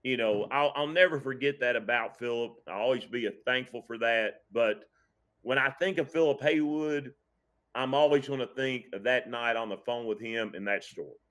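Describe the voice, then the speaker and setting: A man who coaches high school football, speaking casually on a podcast, reflective and earnest, often restarting his sentences. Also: moderate pace, fairly bright tone. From Kentucky.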